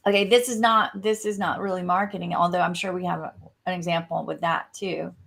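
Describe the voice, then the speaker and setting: A woman's voice: lowish voice, fairly even intonation, brisk, gravelly, a bit bright. A woman who works as a coach, co-hosting a podcast in a casual, earnest conversational way.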